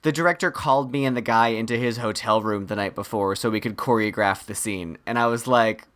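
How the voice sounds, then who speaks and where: A man's voice: lowish voice, fairly quick. A man co-hosting a podcast, recapping a horror movie in casual chat and acting out the characters' lines. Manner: animated retelling, quotes characters in mock voices. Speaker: podcast co-host.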